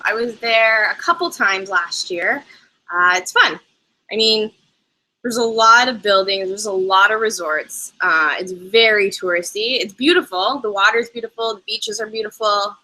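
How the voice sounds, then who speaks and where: A woman's voice: mid-range voice, a little slow, bright, forceful tone, rough recording. A woman hosting a casual live travel chat, bubbly and chatty, laughing often as she answers viewer questions. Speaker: travel vlogger host. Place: lives in Canada.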